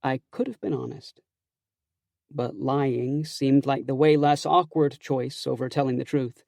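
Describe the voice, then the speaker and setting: A man's voice: mid-range voice, unhurried, vocal fry, darkish tone, no echo. A man narrating a first-person audiobook in a wry, conversational, self-conscious way, close to a studio mic.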